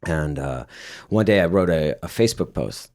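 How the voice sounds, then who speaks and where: Young guy from vegas, really low voice, rambly storyteller on a podcast, lots of "you know". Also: lively intonation, normal speed, a little mellow. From Las Vegas, United States. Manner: rambling storytelling with many fillers and laughs. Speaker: guest musician. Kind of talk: casual interview chat.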